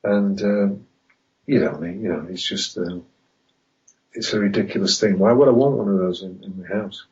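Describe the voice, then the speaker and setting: A man's voice: fairly low pitch, moderate pace, darkish tone, breathy edge. A man talking as a podcast guest in casual conversation, rambling and emphatic, firing off pointed questions. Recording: dull lo-fi online call audio.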